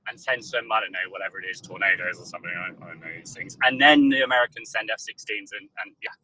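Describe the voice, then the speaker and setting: A man's voice: fairly low pitch, quick pace, bright, forceful tone, low-quality recording. A British man in casual panel chat, sarcastic and joking, acting out other voices as he talks. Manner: sarcastic, acts out voices of nations.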